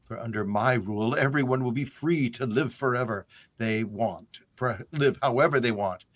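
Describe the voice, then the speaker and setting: A scheming undead lich queen speaks in slow, measured, menacing tones, as a man reads her part aloud. The pitch sits in the middle, neither high nor low. The reading is calm and cold rather than showy. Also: close to an everyday voice. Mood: cold menace.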